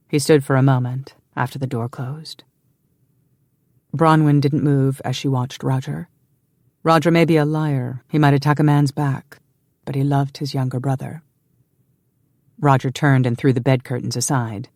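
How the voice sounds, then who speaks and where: Brief: a low-pitched woman reading a historical romance, measured and hushed, dry studio sound. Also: steady tone, no room sound. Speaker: audiobook narrator. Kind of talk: scripted narration.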